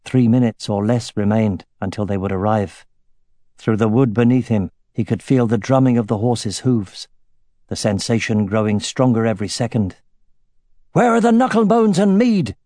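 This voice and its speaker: A man narrating a fantasy audiobook in a measured, steady way. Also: fairly low pitch, no room sound.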